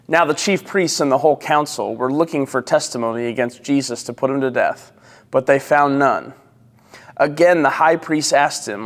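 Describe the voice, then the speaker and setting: Man pastor reading scripture and praying slow and solemn, big church echo. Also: medium pitch. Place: church sanctuary.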